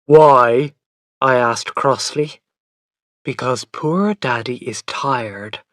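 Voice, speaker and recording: A man reading a story aloud for English learners, carefully enunciated and unhurried. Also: mid-range voice, no room sound, studio quality. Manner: slow, carefully enunciated reading with lively intonation. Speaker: audiobook narrator.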